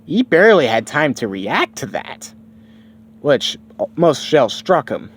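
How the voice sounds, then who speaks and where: A man's voice: on the high side, very animated, slow, breathy edge. A man casually improvising a story, rambling and swearing freely. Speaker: streamer.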